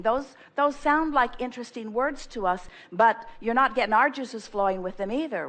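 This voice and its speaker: An emphatic woman with a fairly high voice giving an inspirational seminar talk. She speaks of herself as "we" and acts out affirmations in the first person, building energy as she goes. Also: moderate pace, few pauses.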